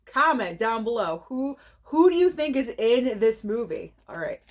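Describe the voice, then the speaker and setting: A woman hosting a movie channel, chatting casually through an unboxing vlog, gushing and excitable, with gasps of delight. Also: a little high, unhurried.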